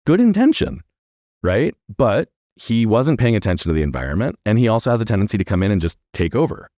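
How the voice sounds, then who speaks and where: A middle-aged man with a low voice tells a personal story as a podcast guest, earnest and animated, tagging his points with "right?". The sound is dry and close. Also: fast talker, dry recording.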